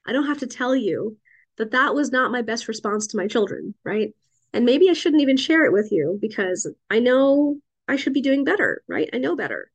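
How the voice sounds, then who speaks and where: A woman's voice: fairly high pitch, very animated, moderate pace, slightly rough. A middle-aged woman, a psychiatrist and parent, telling a personal story in a reflective, conversational way and often turning to listeners with "right?". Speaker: psychiatrist and parent sharing advice.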